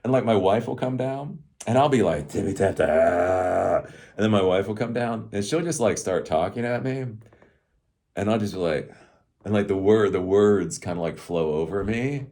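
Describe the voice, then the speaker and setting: A man's voice: fairly low pitch, normal speed, mellow. A middle-aged man giving casual, sarcastic tech commentary as host, rambling and chuckling often.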